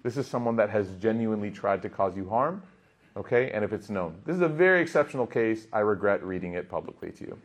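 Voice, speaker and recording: A young man teaching a class, telling stories in a lively way that swings between loud emphasis and hushed asides. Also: lowish voice, fast talker. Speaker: Islamic teacher. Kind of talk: lively class talk with storytelling.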